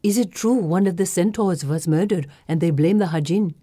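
A woman's voice: on the low side, normal speed, dark tone, breathy edge, dry recording, studio quality. A woman voicing a worried young girl in an audiobook, asking anxiously. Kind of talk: audiobook reading.

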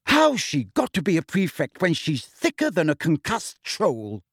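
A sharp, clever teenage girl witch with a crisp, cutting delivery, voiced by a man. Her pitch sits raised and the sound is dry and close. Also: big pitch swings, measured pace, no echo, full character voice. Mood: indignant. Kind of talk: audiobook character voice.

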